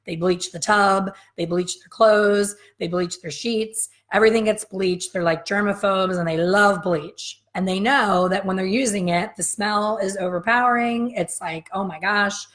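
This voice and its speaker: A woman's voice: mid-range voice, steady tone, unhurried, few pauses. A woman in her fifties, a hair color educator giving a frank, emphatic live coffee-chat lesson straight to her viewers.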